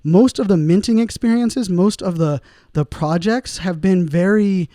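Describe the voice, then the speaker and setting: A man's voice: high voice, unhurried, warm tone, dry recording, clean studio sound. A man hosting a solo podcast, talking casually and rambling with lots of fillers, chuckling at his own puns. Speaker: podcast host.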